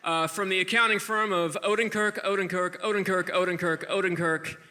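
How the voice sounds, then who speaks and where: High-voiced man doing wry stand-up. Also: a little fast. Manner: wry, self-mocking deadpan delivery. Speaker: stand-up host. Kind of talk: stand-up comedy. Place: comedy club stage before a laughing crowd. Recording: live club recording with noisy crowd.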